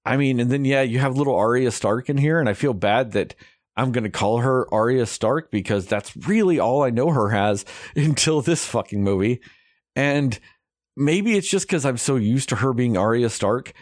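A man's voice: mid-range voice, moderate pace, dry recording, clean studio sound. A young man hosting a podcast, ranting about a movie in casual, heavily profane chat. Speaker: podcast host reviewing a movie.

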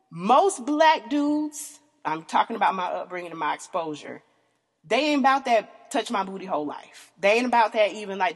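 A Southern American woman in her thirties, hosting a podcast and telling candid stories, profane and laughing often. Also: big-room sound. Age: 30s. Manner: frank, profane, laughs often, voice leaps high in mock disbelief. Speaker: podcast host. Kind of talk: candid casual storytelling.

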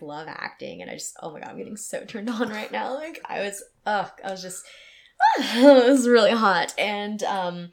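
Lively low-voiced young woman telling stories. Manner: animated, frank, quick bursts with laughter. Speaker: guest storyteller. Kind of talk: casual podcast chat.

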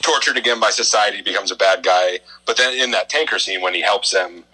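Male co-host, very low and husky, fast talker, dry sarcastic wit. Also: sharp tone, poor audio. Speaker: podcast co-host. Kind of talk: casual podcast chat.

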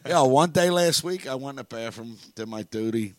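A man's voice: medium pitch, no room sound. A man co-hosting a podcast, trading crude, profane jokes in casual banter with friends. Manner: profane, gruff, teasing. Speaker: podcast co-host.

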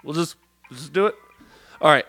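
A man with a fairly high, sharp voice speaks animatedly and fairly quickly over soft background music. Hosting a comedy podcast, he engages in casual comedic banter, profane and rambling with lots of restarts, into a studio mic with headphones.

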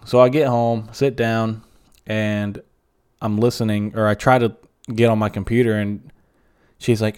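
Man, solo podcast host, casual rant, profane and rambling, lowish smooth voice. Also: little pitch movement, moderate pace, darkish tone. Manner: profane, rambling, frequent fillers.

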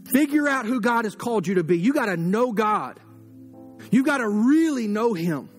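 A man's voice: very high voice, lively intonation, normal speed, faint music behind. A man preaching a sermon as pastor, fiery and direct, talking to the congregation as if across a table.

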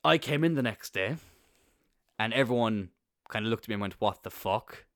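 A young man with an Irish accent telling a rambling story in a casual monologue, swearing freely and bursting into excited laughter. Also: lowish voice, normal speed, dry recording, studio quality. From Ireland. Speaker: podcast host.

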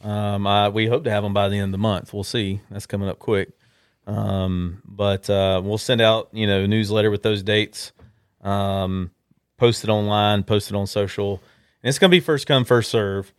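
A man's voice: fairly low pitch, steady tone, moderate pace, clear, resonant tone, no room sound, clean studio sound. A man hosting a fishing podcast, recapping a trip in easygoing, joking chat. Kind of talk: casual chat.

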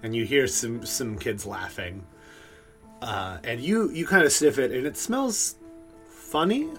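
A man's voice: medium pitch, lively intonation, measured pace, a bit bright, soft background music. Laid-back male game master. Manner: laid-back, loose, filler-heavy. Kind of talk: narrating a tabletop game.

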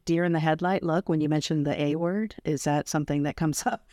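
A woman hosting a podcast interview, chatty and quick to laugh, often acting out what other people say. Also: low-pitched, steady tone, warm tone, no room sound, studio quality. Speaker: podcast host. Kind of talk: casual interview chat.

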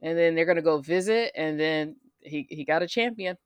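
A woman's voice: sits low, moderate pace, clear, resonant tone, no room sound. Teasing woman, dry close sound. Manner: teasing, matter-of-fact. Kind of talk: casual chat.

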